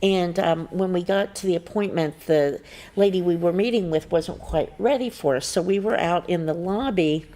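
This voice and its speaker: A middle-aged woman co-hosting a local morning show, telling a story with lively quoted voices. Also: normal speed. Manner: animated storyteller, jumps up in pitch acting out quotes. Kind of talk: casual chat, telling a funny story.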